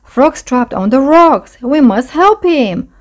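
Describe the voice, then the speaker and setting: Woman voicing a timid little boy mouse, squeaky and high. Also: lively intonation, slow, a little mellow. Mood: urgent. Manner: anxious, squeaky. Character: small timid young male mouse. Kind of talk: storybook read-aloud.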